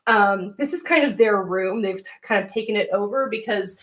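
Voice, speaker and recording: A woman's voice: mid-range voice, moderate pace, fairly bright tone, recorded from a distance. A young woman hosting a casual livestream from a spare room at home, chatty and giggly, laughing often. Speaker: livestream host. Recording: roomy sound, voice away from the mic.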